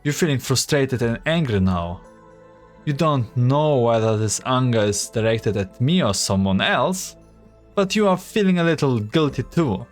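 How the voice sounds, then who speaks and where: A man's voice: mid-range voice, animated, measured pace, soft background music, lightly acted. A man voicing a probing, intense female fortune teller who scolds and lectures in a raised voice.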